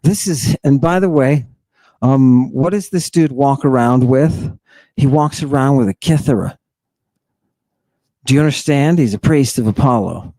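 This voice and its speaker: A man hosting a podcast, giving an animated lecture in a casual, slangy way and firing rhetorical questions at his listeners. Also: medium pitch, measured pace, no echo. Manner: emphatic, peppered with rhetorical questions to the audience; casual slang, teasing a co-host. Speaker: host lecturing on ancient texts.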